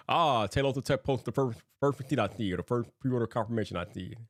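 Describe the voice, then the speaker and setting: A young man hosting a casual livestream, animated and slangy, laughing often. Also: medium pitch, normal speed, no echo, clean studio sound. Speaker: livestream host.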